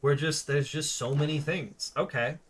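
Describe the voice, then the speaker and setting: A man from California giving excitable, casual commentary while playing a game. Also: fairly high pitch, normal speed, a little hiss or hum. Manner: excitable, swears, chuckles often. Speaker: gaming streamer.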